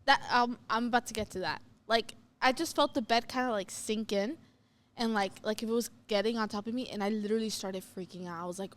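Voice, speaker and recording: Young woman co-host, relaxed storyteller who acts out lines; slightly high voice. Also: brisk. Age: young adult. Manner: animated, acts out what she said and heard, many "like" fillers. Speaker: youth podcast co-host. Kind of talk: casual storytelling chat.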